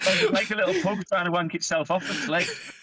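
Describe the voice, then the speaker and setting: Male co-host, slightly high voice, crude jokey banter. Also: lively intonation, quick pace, over a noisy crowd. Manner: crude jokes, laughing. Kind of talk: casual podcast chat.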